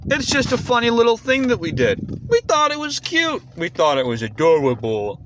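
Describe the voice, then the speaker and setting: A man's voice: very high-pitched, very animated, moderate pace, background noise, voice pushed up. A man putting on a sarcastic, sing-song impression of a giggly male showrunner. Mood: mocking.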